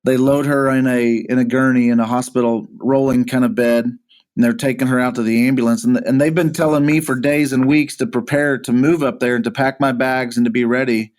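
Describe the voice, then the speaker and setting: A pastor being interviewed, earnestly recounting a hard personal story, often halting and repeating words as he goes. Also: mid-range voice, little pitch movement, a little mellow. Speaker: pastor, podcast guest.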